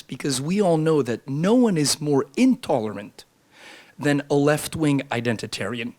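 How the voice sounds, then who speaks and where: A man who has lost his voice speaking as a panelist, wry and combative, before a room audience. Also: mid-range voice. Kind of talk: panel speech. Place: club meeting room, audience present.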